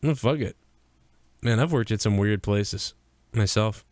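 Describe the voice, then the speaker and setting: A man's voice: fairly low pitch, unhurried, a little mellow, dry recording. A man co-hosting a live-streamed podcast in casual, crude banter, from the US Northeast. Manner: crude, profane, laughing banter. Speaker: podcast co-host.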